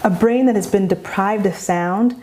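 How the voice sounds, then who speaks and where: A woman explaining language strategies to parents in a slow, calm, deliberate instructional manner. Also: mid-range voice. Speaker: educator for parents of young children. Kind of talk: instructional narration.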